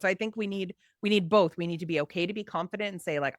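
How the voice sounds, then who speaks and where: A woman hosting a casual podcast conversation, telling stories in an animated way and acting out quotes in playful voices. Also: on the low side, fast, hardly any pauses, no room sound, studio quality. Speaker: host.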